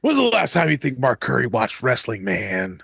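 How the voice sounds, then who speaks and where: A man doing an impression of a rambling, boastful older male pro-wrestling star on a podcast, in a gravelly drawl. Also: mid-range voice, huge pitch swings, moderate pace, fairly bright tone, dry recording, exaggerated voice. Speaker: podcast co-host.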